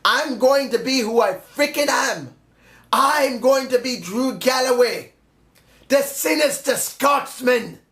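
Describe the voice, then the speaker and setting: A man's voice: extremely high pitch, slow, voice pushed up, full character voice. A man putting on a brash boasting wrestler promo. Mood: boastful. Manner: loud, declaiming, menacing boasts. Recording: echoey room.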